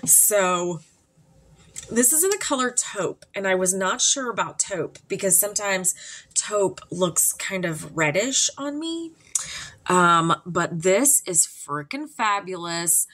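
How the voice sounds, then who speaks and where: A woman's voice: mid-range voice, very animated, takes it slowly, a bit bright. A woman hosting a casual makeup vlog, talking candidly and chattily with frequent ums. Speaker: makeup vlogger.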